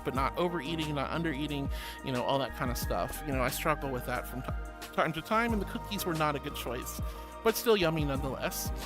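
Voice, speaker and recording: A woman streamer chatting casually and reading viewer comments aloud, bubbly, giggly and affectionate. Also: low-pitched. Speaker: streamer host. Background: background music.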